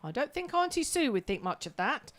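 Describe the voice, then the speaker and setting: A man's voice: very high voice, sing-song, a little fast, a bit bright, voice pushed up, exaggerated voice. A man putting on his stern older uncle, a builder who firmly lays down the rules. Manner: firm, dry, laying down the rules.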